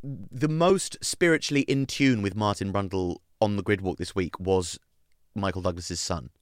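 A man co-hosting a casual podcast chat, animated and quick to mimic people. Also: deep voice, dry recording, studio quality. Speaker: podcast co-host.

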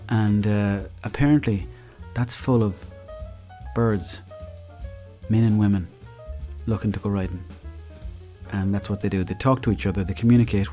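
A man's voice: on the low side, fairly even intonation, moderate pace, long pauses, dark tone, faint music behind. A young man with an Irish accent hosting a podcast, telling stories in a rambling, chatty way. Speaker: podcast host. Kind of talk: casual comedic monologue.

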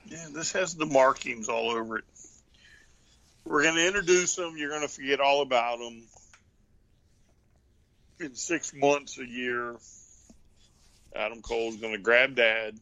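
A man co-hosting a casual wrestling podcast, giving measured, knowing opinions. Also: mid-range voice, sharp tone, no room sound, highs cut off. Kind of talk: casual chat.

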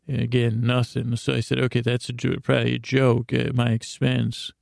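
A man telling a rambling comedic story in a deadpan, awkward way, stammering and correcting himself often. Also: medium pitch, normal speed, vocal fry, no room sound, clean studio sound. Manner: stammering, with many restarts and self-corrections.

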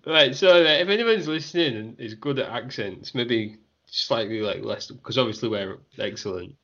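Giggly podcast host, muffled sound. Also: male voice, medium pitch, moderate pace, fairly bright tone. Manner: laughs often, rambling with restarts. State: tipsy. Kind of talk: casual chat.

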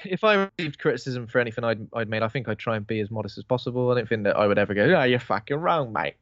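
A man's voice: fairly low pitch, racing, fairly bright tone, no room sound, dull audio. A man from Bristol, co-hosting a podcast in casual, rambling chat that keeps restarting itself. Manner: rambling, self-interrupting, informal. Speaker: podcast co-host.

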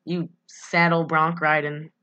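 A woman's voice: low voice, level tone, slow, bright, forceful tone, voice pushed down, full character voice. A woman voicing a furious young woman cursing out a friend as a comic mock rant. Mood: mock fury.

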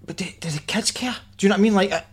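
Fast-talking, stammering Scottish man. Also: high-pitched, husky. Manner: rambling, stammering restarts, jokey. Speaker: podcast co-host. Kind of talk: casual chat.

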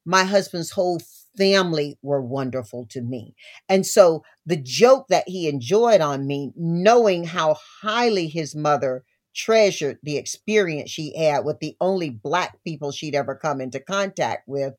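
Expressive older woman telling stories. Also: low voice, a little slow. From Southern United States. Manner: expressive, laughing storyteller, warm asides. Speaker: guest. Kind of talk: storytelling interview talk.

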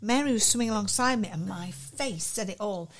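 An older woman co-hosting a casual podcast, telling stories with animated acted-out quotes. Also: medium pitch, fairly quick. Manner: animated storyteller, acts out quotes. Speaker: podcast co-host, children's author. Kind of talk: casual podcast chat, storytelling.

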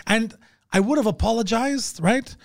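With vocal fry and a moderate pace, a male comedian chats on a podcast as a guest, telling a story while swearing constantly. Quoted dialogue gets acted out with dramatic pitch jumps.

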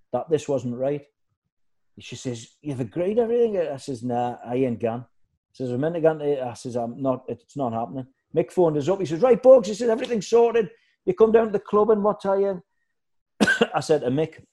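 A former footballer, appearing as a guest, tells football stories in casual chat with a medium-pitched male voice at a moderate pace. His anecdotes are animated, and he acts out other people's voices, shouting included.

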